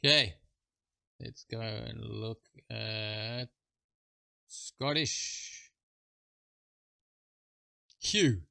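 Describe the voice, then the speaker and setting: A man presenting a screen-share software walkthrough, talking in a halting way with fillers and informal asides. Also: on the low side, creaky, no echo. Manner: halting, full of fillers and restarts.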